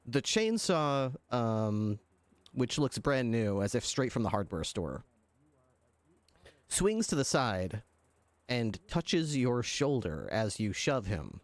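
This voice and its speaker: A man's voice: medium pitch, sing-song, slow, dry recording. A man narrating as game master of an improvised role-play, hesitant with many fillers and frequent laughter.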